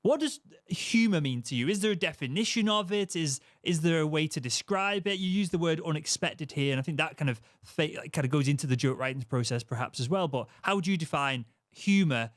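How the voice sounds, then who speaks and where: A man's voice: fairly high pitch, lively intonation, a little fast, few pauses, no echo, studio quality. A man hosting a podcast, asking long, rambling questions full of hedges. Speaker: podcast host. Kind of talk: podcast interview.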